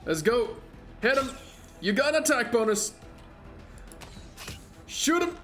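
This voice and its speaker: A high-voiced man streams a game, giving excitable and joking commentary full of laughs. Faint game music plays behind him. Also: slow pace. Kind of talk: casual gameplay commentary.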